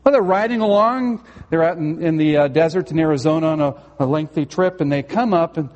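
A man's voice: fairly high pitch, a little fast, darkish tone, highs cut off. A male pastor preaching a sermon in a church sanctuary, earnest and conversational, with a touch of storytelling humor. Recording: long hall reverb.

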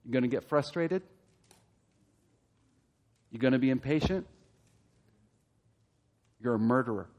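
A man preaching a sermon as pastor, asking the congregation direct questions and building to loud, emphatic peaks. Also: medium pitch, lively intonation, unhurried, pauses often, highs cut off.

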